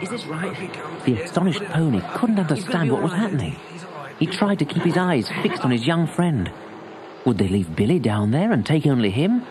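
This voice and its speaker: A man narrating a children's story in an expressive, animated storytelling manner. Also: fairly high pitch, normal speed, a crowd in the background. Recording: story tape with music.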